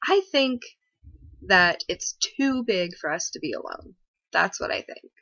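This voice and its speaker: A woman's voice: animated, measured pace, sharp tone, no echo. A young woman hosting a casual livestream, rambling and sarcastic, with many fillers, recorded on a webcam or laptop mic. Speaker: livestream host. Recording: muffled, dry low-fi stream audio.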